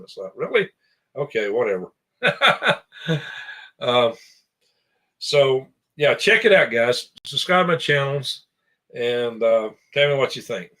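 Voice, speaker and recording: As a guest on a show, an American man who runs channels describes them in relaxed, meandering talk, laughing a little and fixing his own words mid-sentence. His voice is mid-range and a bit bright.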